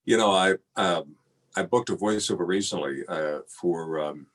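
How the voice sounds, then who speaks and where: An older man, a singer, telling stories in a relaxed interview, with frequent fillers and easy laughter. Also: low voice, moderate pace. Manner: chatty storyteller, many fillers, laughs easily. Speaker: guest singer and voiceover artist. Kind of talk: casual interview chat.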